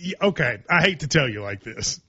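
A man's voice: medium pitch, very animated, fairly quick, bright, forceful tone, husky. A man hosting a casual sports talk show, joking and rambling through asides, on slightly muffled audio. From Kentucky.

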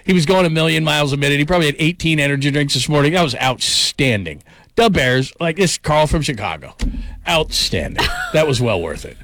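Energetic sports talk host, slightly high voice. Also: male voice, quick pace, dry recording. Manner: energetic, enthusiastic, hyperbolic praise.

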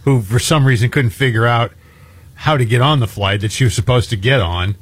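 A man co-hosting talk radio, telling a story in an animated way. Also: medium pitch, fairly quick. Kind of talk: casual chat.

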